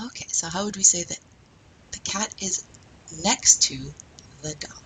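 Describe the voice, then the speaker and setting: A woman teaching a French class, slowly modelling phrases and pronunciation for students to repeat. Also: mid-range voice, bright, forceful tone, in a whisper, low-quality recording. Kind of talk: classroom language lesson.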